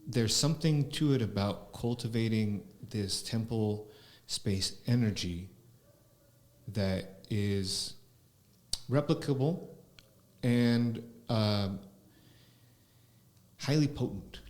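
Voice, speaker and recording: A man, a spiritual teacher, talking slowly and reflectively as a podcast guest, often pausing with fillers. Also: fairly low pitch, darkish tone. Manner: slow, musing, with frequent fillers. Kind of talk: reflective conversational talk. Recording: roomy echo.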